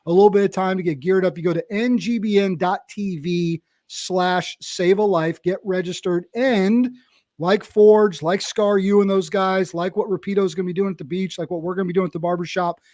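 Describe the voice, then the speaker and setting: A male podcast host with a notably high voice, talking in an energetic, rallying way to his guests. The sound is dry and close, with no room in it. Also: brisk, dry recording. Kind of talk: podcast conversation.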